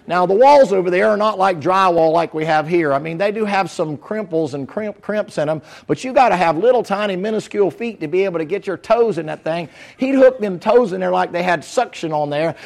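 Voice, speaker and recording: A man's voice: high voice, vocal fry. A man preaching a sermon, moving from folksy storytelling to fervent exhortation.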